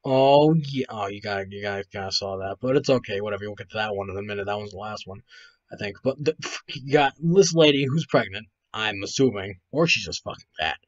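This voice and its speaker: A man's voice: fairly low pitch, fairly quick, no echo. Male host, tired, profane, rambling reactions; lo-fi dry mic, no room. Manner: profane, rambling, laughs a lot. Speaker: video host reacting to photos. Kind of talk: casual reaction commentary. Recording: dull lo-fi, dry.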